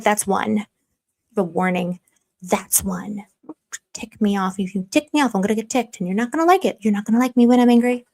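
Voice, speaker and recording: Slightly high in pitch with a darkish tone, this young livestream host chats freely and pokes fun at herself. She reads the chat out loud and playfully scolds her viewers with pretend-stern warnings.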